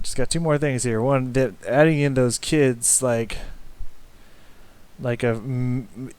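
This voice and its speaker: A man giving casual music reaction commentary, rambling and halting with many fillers and restarts, swearing casually and humming along with the riffs. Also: mid-range voice, fairly even intonation, darkish tone, clean tone, dry recording. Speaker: music reaction channel host.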